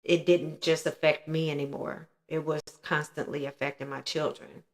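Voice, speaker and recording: Low-voiced woman in her 30s, earnest, telling her own story straight, reflective. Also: level tone, moderate pace. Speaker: host sharing her personal story. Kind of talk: candid personal storytelling.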